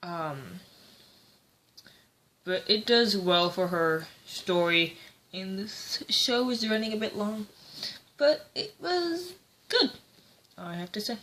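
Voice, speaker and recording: A woman's voice: lowish voice, slow, pauses often, fairly bright tone, slight background noise. A woman giving a casual, rambling book review, hesitant and full of fillers.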